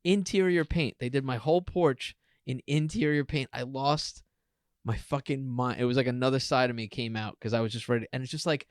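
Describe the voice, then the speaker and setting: A man's voice: mid-range voice, a little fast, dry recording, clean studio sound. A middle-aged man from New Jersey, co-hosting a podcast and telling funny stories with lots of swearing. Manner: animated storyteller, swears often. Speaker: podcast co-host. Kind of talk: casual comedic chat.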